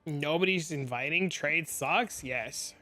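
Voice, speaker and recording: A man's voice: on the high side, slow pace, sharp tone. A young man streaming a game, rambling in casual chat and venting with lots of "like" fillers. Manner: rambling, heavy use of "like", exasperated venting.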